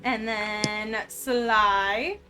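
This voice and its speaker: A woman game master talking with her players over an online call, chatty and laughing often, narrating the scenes in a steady storyteller's read. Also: medium pitch, extremely slow, clean tone, soft background music. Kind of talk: narrating a tabletop game on a live stream.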